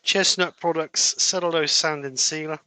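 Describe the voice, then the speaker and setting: A man talks through a woodturning demo in a plain, practical manner. His voice sounds bright and a little high, and the close mic adds almost no room sound. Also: steady tone, normal speed, clean tone, dry recording. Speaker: woodturner demonstrating. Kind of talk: livestream demo chat.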